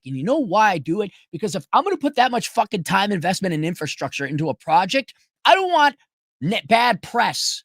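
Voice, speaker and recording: A man's voice: high voice, very animated, a little fast, fairly bright tone, dry recording, studio quality. A man hosting a show, delivering a profane, sarcastic ranting monologue. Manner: sarcastic, swears a lot. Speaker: podcast host.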